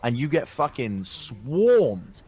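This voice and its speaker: A young man tells a story in loose, profane chat. His voice swings widely in pitch as he stumbles, restarts and piles on the swearing. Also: sing-song, takes it slowly, a little mellow. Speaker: podcast co-host.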